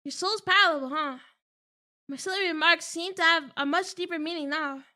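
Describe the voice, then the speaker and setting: Young woman, streamer, high voice, bright tone, dramatic and jokey, faint background music. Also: a little fast. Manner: dramatic, jokey, reads game text aloud. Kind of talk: casual game commentary and reading aloud.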